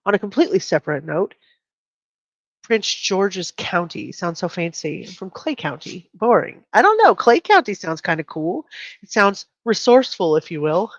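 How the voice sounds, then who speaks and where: A woman's voice: on the low side, expressive, moderate pace, no echo, lo-fi sound. A woman hosting a casual true crime livestream, chatting with viewers, laughing often and reading headlines aloud. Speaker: livestream host.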